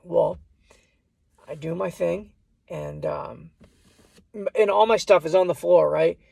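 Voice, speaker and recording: A man's voice: fairly high pitch, takes it slowly, gravelly, a little mellow, slightly rough, no room sound. A man casually telling a personal story, rambling and restarting his lines, often repeating "I said".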